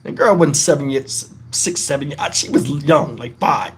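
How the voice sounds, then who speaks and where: A middle-aged Texan man hosting his own channel tells a rambling story to camera, animated and profane, wandering off into many asides. His voice is medium-pitched at a moderate pace, with a little hiss or hum in the audio.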